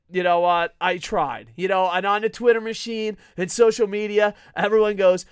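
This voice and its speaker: A man hosts a live wrestling podcast, ranting and yelling with heavy swearing. His voice sits a little high and rings smooth and resonant. The sound is dry and close, with no room echo. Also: steady tone, normal speed. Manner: loud, profane, often yelling. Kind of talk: live-streamed ranting commentary.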